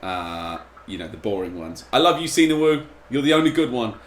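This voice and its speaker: A man streams gameplay, chatting casually and rambling while distracted by the game. His mid-range voice is sing-song and a little fast, and the audio is poor with a roomy sound.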